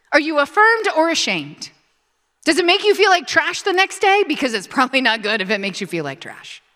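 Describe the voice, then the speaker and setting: Woman, pastor, sermon, high voice, call-and-response preaching, reverberant church hall. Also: a bit bright.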